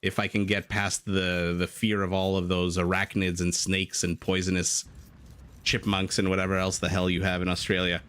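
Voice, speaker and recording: A man's voice: sits low, monotone, moderate pace, fairly bright tone, clean tone. A man casting a live strategy game match, chatty and prone to rambling tangents with frequent laughs. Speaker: game caster. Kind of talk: live esports commentary.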